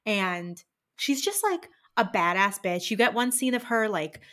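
A young woman co-hosting a podcast, telling stories in a casual, animated way and filling her talk with "like". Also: mid-range voice, a little slow. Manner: animated storytelling, lots of "like". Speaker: podcast co-host. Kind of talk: casual chat.

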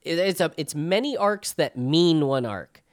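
A man talks fast and loose in a casual podcast chat, cursing and restarting his sentences. His pitch swings widely as he gets worked up. The sound is dry and close, with no room echo. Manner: animated, swears freely, lots of restarts. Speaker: podcast co-host. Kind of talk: casual chat about anime.

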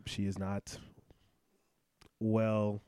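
A man telling a travel story in casual podcast chat, animated and laughing often as he acts out the people in it. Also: fairly low pitch, extremely slow, clear, resonant tone, no echo, studio quality.

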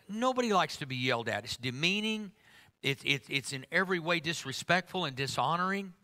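A man's voice: fairly high pitch, sharp tone. A middle-aged man preaching a sermon to a congregation, emphatic and humorous, teasing his listeners.

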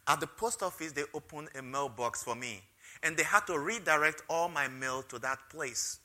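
A man preaching a sermon, telling a personal testimony with emotion and stressing key phrases loudly. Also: on the high side, moderate pace. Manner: emotional storytelling, rising loud on key phrases. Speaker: pastor.

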